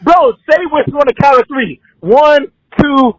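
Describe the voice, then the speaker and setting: A man calling into a sports show, ranting furiously and shouting with profanity. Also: very high voice, normal speed, dry recording, highs cut off. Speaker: caller. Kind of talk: angry sports call-in rant.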